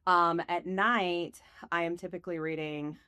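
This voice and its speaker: A woman with a low voice talks casually as a podcast guest, telling lively stories and laughing often. The recording is dry and close, with no room sound. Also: unhurried, clear, resonant tone, no echo. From United States. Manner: chatty, storytelling, laughs often. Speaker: podcast guest, real estate team leader. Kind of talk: casual chat.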